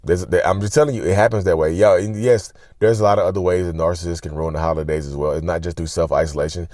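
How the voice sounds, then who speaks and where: A man's voice: sits low, fairly even intonation, quick pace, a little mellow, no room sound, studio quality. A man hosting a casual advice vlog, talking to viewers as y'all with lots of repeats and restarts. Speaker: channel host, self-described narcissist.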